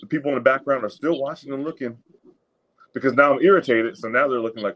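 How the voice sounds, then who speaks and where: Fast-talking man telling animated stories. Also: medium pitch, low-quality recording. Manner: animated storytelling, acts out the people he quotes. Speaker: podcast co-host. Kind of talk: casual chat.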